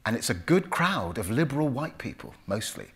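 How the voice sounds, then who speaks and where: At a club event, an Englishman in his fifties with a London accent gives a storytelling talk as an author. He speaks in a mid-range voice at normal speed, performing the characters' voices with animation.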